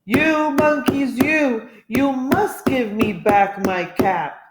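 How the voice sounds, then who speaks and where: A woman's voice: mid-range voice, fairly even intonation, slow, heavy background noise, lightly acted. A woman voicing a frustrated male cap peddler who scolds insistently. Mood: scolding. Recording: echoey room.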